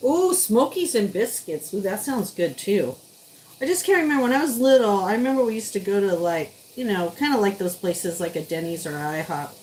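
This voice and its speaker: A woman's voice: medium pitch, lively intonation, normal speed, a little mellow, rough recording. Chatty woman cooking on a live stream. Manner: chatty, greets viewers while cooking.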